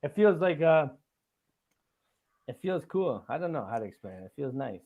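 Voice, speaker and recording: A man's voice: on the high side, sing-song, normal speed, darkish tone. A man hosting a casual podcast. He rambles, fills his talk with "like" and laughs often. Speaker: podcast host.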